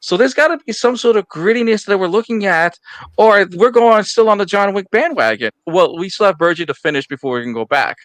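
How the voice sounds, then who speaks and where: A man's voice: sits high, animated, brisk, a bit bright, no echo. A man hosting a casual pop culture panel podcast, steering the talk and handing turns to the other panelists. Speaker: podcast host.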